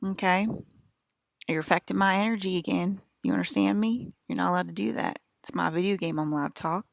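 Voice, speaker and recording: Woman, American country accent, gravelly, agitated, swearing, repetitive rambling monologue. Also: on the low side, steady tone, a little fast, no room sound, clean studio sound. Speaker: vlogger.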